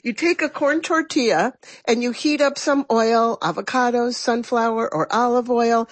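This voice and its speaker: A woman's voice: fairly high pitch, normal speed, dry recording. A woman, a resident chef, chatting enthusiastically on the radio and walking through a recipe. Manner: enthusiastic, laughs easily. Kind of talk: casual radio chat.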